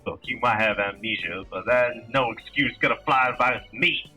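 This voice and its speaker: Man voicing a weepy high-strung debtor from a visual novel, husky edge, faint music behind. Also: moderate pace, bright, forceful tone. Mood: whining. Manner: high-pitched, pleading, near tears. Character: whiny excitable middle-aged man in debt. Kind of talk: reading a visual novel aloud.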